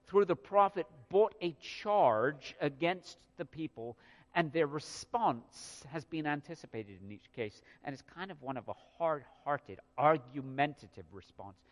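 A man delivers a sermon in an earnest, building manner, often repeating words as he works toward a point. His voice sits a little high for a man. The sound carries the long reverb of a church hall. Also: a bit bright. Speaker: pastor. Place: church sanctuary.

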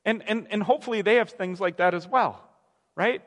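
A man's voice: high voice, brisk, fairly bright tone, in a large hall. A young man preaching a sermon in a casual, conversational way, often restarting phrases and acting out quoted voices. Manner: conversational, self-correcting, acts out quoted voices. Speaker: pastor.

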